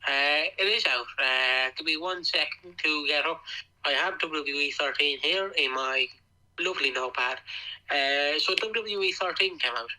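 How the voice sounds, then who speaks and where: A man's voice: on the high side, normal speed, pushed and bright, poor audio. A man co-hosting a wrestling podcast in casual chat, laid-back and reading facts from his notes. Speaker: podcast co-host.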